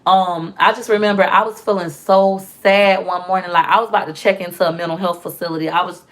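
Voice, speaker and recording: Offene, lebhafte Frau erzählt locker in ihrem Vlog und spielt Zitate nach. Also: female voice, fairly low pitch, quick pace. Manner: candid and animated, acts out quoted voices. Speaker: vlogger and mother. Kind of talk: casual storytelling vlog.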